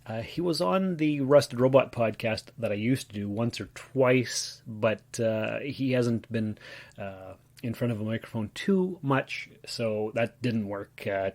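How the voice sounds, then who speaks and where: A man hosting his own podcast, talking casually on his own with many fillers and self-corrections. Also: medium pitch. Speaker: podcast host. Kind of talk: casual solo podcast talk.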